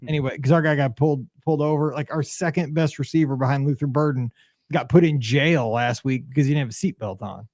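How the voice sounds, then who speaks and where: A man in his forties co-hosting a podcast, telling stories in an animated, excitable way and saying "dude" often. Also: mid-range voice, fast talker, no echo. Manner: excitable, animated storytelling, says "dude" a lot. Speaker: podcast co-host. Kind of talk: casual chat.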